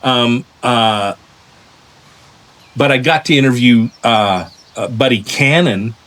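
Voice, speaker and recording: A man hosting a podcast, telling long stories in a lively way, with many restarts and repeated words. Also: medium pitch, slow. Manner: animated storyteller, acts out voices in anecdotes. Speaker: podcast host. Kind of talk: casual interview chat.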